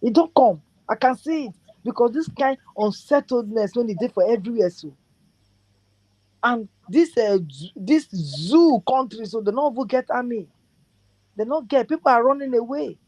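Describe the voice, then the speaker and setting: A woman with a Nigerian accent calling in to a show and talking in excited, repetitive Pidgin. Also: on the high side, normal speed, no echo, low-quality recording. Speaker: caller. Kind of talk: call-in chat.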